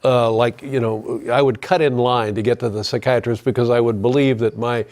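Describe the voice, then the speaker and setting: A man chatting on a talk show, halting and formal, with frequent restarts and fillers. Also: medium pitch, fairly even intonation, darkish tone.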